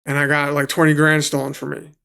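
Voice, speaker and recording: NY man, gravelly and a bit high-pitched, casual guest storyteller who swears a lot. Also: monotone, fast, bright, forceful tone. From New York City. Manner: swears freely, acts out quotes. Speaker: guest, professional fighter.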